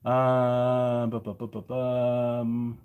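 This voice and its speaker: A man's voice: medium pitch, completely flat delivery, extremely slow, darkish tone, clear, resonant tone. A middle-aged man from England with a slightly faded Yorkshire accent, chatting casually on a livestream and reading viewer comments aloud. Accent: Yorkshire English, partly faded. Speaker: YouTube mechanic channel host.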